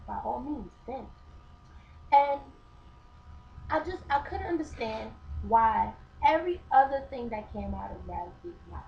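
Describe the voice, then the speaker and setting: In a casual vlog full of opinions, a woman tells a story, dropping mocking asides and performing quotes. Her gravelly, fairly high voice is expressive at a normal speed, and the webcam audio sounds dull and lo-fi with a faint hiss.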